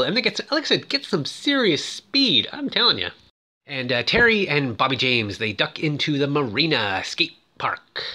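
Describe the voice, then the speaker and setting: A man retelling a movie plot in a casual, excitable way, with many fillers and quick put-on voices for the characters. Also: on the high side. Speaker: film recap presenter.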